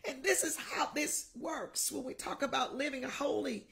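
A middle-aged woman bishop preaching a Pentecostal sermon, crying out in tongues, shouting and weeping, then dropping to a whispered appeal. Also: high voice, steady tone, moderate pace, gravelly. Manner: drops to intimate whispered exhortation.

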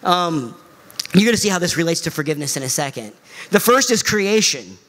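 A middle-aged male pastor preaching a sermon, animated and emphatic. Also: a little fast. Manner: animated preaching, pitch swings high for emphasis.

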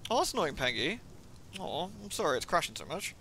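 A man's voice: medium pitch, very animated, fast talker, bright, forceful tone, a little hiss or hum. A man live-streaming a game, muttering casual commentary, swearing at setbacks and reading the game's text aloud. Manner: muttering, swears when things go wrong.

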